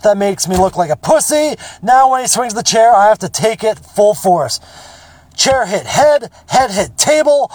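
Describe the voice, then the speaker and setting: Sing-song and high-pitched at a normal speed, this man's voice comes through with no room sound. As a podcast host, he delivers a casual monologue of rambling, profane stories in a blunt manner.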